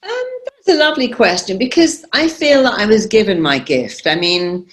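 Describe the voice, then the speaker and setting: A middle-aged woman, a therapist appearing as a guest in an interview, tells stories in a conversational way. Her mid-range voice moves at a moderate pace, and her retelling is emphatic, confident, and animated.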